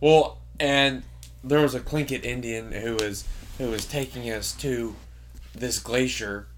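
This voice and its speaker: A young man chatting casually, rambling with lots of filler words and quick laughs. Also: mid-range voice, steady tone, a little hiss or hum. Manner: gets loud and heated when arguing. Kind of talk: casual chat.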